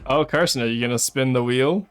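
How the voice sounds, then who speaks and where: A man's voice: medium pitch, brisk, clear, resonant tone, faint music behind. A male streamer giving live gameplay commentary, chatting to his viewers and swearing and exclaiming when he comes under attack. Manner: chatty asides to chat between bursts of play.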